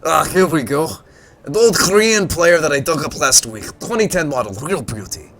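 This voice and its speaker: A man voicing a gruff but well-meaning old male junk dealer with a put-on German accent. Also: on the high side, animated, a bit bright, slight background noise, voice pushed up. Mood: fond. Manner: gruff, slow and hearty.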